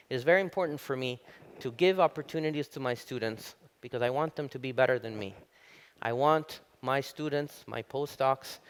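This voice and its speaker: Guy, middle-aged prof, public lecture, gets animated telling stories. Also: clear, resonant tone. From Italy. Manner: animated storyteller, rises high when telling jokes. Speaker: university professor giving a lecture. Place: lecture hall.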